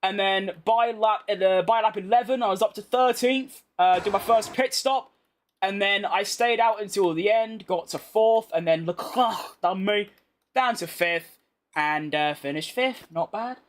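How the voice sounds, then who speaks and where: His voice is high and his pace measured as this young British streamer narrates his racing game in a relaxed way. Chatty and blunt, he reads viewer messages aloud and jokes back at them.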